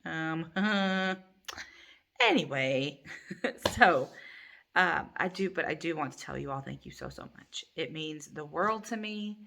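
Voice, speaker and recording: Chatty middle-aged woman, lowish voice. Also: animated, takes it slowly, gravelly, fairly bright tone. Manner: chatty and rambling, with many ums and asides. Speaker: crochet channel host. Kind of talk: casual chat to camera. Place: living room at home by a window.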